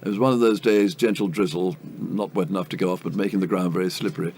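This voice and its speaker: A man's voice: low-pitched, fairly even intonation, fast talker, a little mellow, slightly rough. An older man, a cricket commentator, telling anecdotes in an interview with many hesitant ums and a ready chuckle. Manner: chuckling raconteur, full of hesitant ums and uhs.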